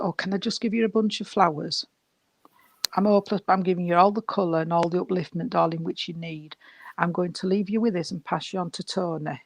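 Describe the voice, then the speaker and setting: Female medium, gravelly tone, chatty and affectionate, dry close sound over a video call. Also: on the low side, no echo. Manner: warm, chatty, full of endearments. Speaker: spiritualist medium. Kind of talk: mediumship reading in an online service.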